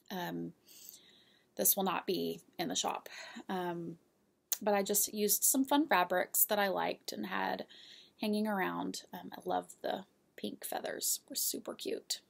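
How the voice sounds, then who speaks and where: A woman hosts a knitting show in a casual show-and-tell chat, her voice sitting at an ordinary pitch with a steady thread of vocal fry. She rambles from one project to the next, chatty and quick to laugh. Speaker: knitting podcast host.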